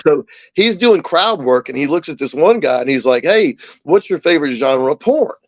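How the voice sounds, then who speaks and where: A man's voice: a little high, moderate pace, dry recording. Chatty man telling stories, muffled sound. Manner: animated anecdote teller, acts out quoted voices. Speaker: guest. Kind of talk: casual storytelling.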